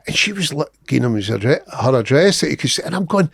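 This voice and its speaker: Scottish guy, middle-aged, slightly high voice, comic storytelling full of swearing and laughs. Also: big pitch swings, quick pace, creaky, a bit bright, husky. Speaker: guest comedian. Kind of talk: comic anecdote on a podcast.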